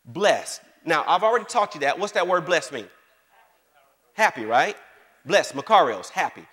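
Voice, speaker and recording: A pastor preaching a sermon to his congregation, lively and repetitive, often asking the room whether they follow him. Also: fairly high pitch, normal speed. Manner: animated preaching with call-and-response questions and repeated phrases. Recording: long hall reverb.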